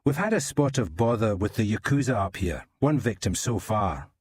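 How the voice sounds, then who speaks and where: A man's voice: lowish voice, very animated, breathy edge, no echo, clean studio sound. A man doing a blunt Scottish detective. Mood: probing. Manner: probing, brisk questions. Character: blunt Scottish male detective inspector, dogged.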